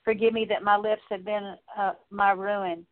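A woman's voice: medium pitch, flat delivery, normal speed. A woman leading an earnest, repetitive spoken prayer of confession, with occasional fillers. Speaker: prayer leader. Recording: tinny phone-like audio.

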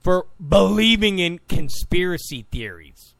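A man delivers opinionated talk commentary in a fairly high voice that swoops up and down with lots of expression. He sounds combative and sarcastic. The sound is dry and close, with no room around it. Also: sing-song, unhurried, a bit bright, no echo. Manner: combative, mocks opponents in quoted voices. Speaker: political commentator.

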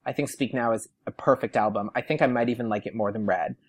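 A man's voice: mid-range voice, fast talker. Young man, podcast guest, chatty storyteller who slips into quoted voices. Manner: animated, quotes people in lively put-on voices. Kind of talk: casual storytelling.

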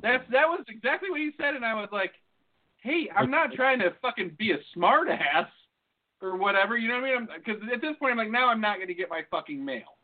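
A man's voice: very high voice, animated, brisk. Profane storytelling man, tinny sound. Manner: profane storyteller, acts out phone calls. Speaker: podcast co-host. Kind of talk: casual chat.

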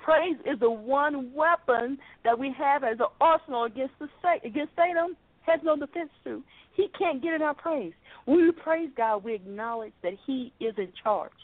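Woman, preacher, high voice, rhythmic repetition, tinny phone line, dry. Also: normal speed, no room sound. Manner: fervent, rhythmic, repeating phrases. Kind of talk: phone-call sermon. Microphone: phone call.

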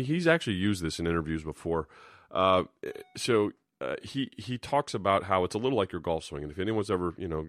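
A man's voice: sits low, dry recording, clean studio sound. A man, a former linebacker, breaking down game film in a casual, rambling way, full of restarts. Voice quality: hoarse-sounding morning voice. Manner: rambling and conversational, with frequent restarts and 'you know'.

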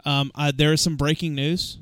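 A man hosting a casual podcast chat, relaxed, laughing often and trailing off with fillers. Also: a little high, moderate pace. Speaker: podcast host.

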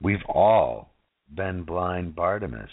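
Preaching casually, a man keeps asking rhetorical questions and tossing in "right?" to his audience. He has a deep, animated voice and speaks slowly, captured in a dry, tinny, phone-like recording.

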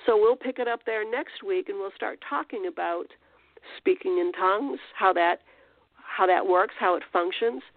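A woman's voice: medium pitch, normal speed, no room sound. A woman hosting a podcast and giving an informal spiritual teaching in a rambling, conversational way with restarts and fillers. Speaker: podcast host. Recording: tinny phone-line audio.

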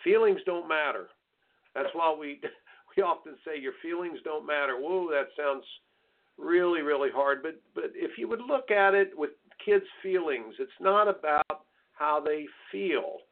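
This is coaching advice on the radio from a US tennis coach and host, heard through a tinny phone line. His voice is male, on the high side, animated yet unhurried. He comes across as blunt, folksy and preachy, mocking soft attitudes with sing-song asides.

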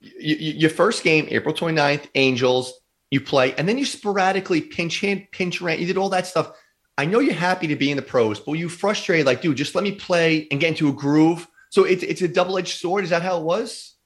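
A man's voice: on the high side, fairly quick. A man hosting a casual interview, asking long questions that restart and pile up. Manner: stacks rambling restarted questions. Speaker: podcast host.

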